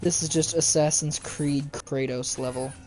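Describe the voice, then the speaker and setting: A man's voice: fairly high pitch, steady tone, unhurried, warm tone. A young man giving casual let's-play commentary, chatting and joking with his viewers as he plays. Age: young adult. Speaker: gaming youtuber.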